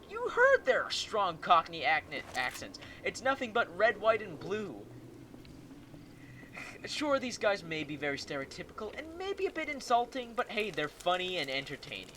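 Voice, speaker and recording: A man hosting a let's play, giving excitable, joking gameplay commentary and talking back to enemies. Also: high voice, slight background noise.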